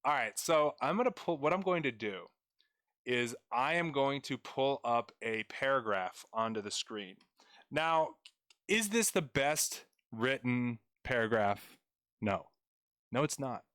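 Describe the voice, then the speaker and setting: A man's voice: mid-range voice, animated, unhurried, fairly bright tone, no echo, clean studio sound. A young man tutoring grammar on a live stream, chatting playfully with viewers as he goes over a paragraph. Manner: chatty, playful, addresses chat viewers directly.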